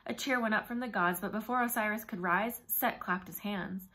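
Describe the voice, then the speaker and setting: A woman reading a novel aloud in first person, with brisk, vivid storytelling. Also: medium pitch, bright, forceful tone. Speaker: audiobook narrator.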